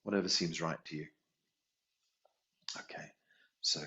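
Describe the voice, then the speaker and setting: A man teaching a healing class, gently guiding breathing and chanting tones. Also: sits low, animated, highs cut off. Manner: slow, gentle guidance with sung tones. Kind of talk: guided meditation class.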